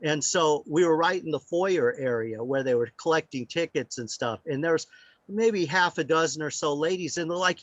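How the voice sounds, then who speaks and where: A man telling a casual story as a guest speaker on sound healing. He talks in animated anecdotes with many fillers. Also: a little high, normal speed, no echo. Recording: dry, slightly muffled lo-fi audio.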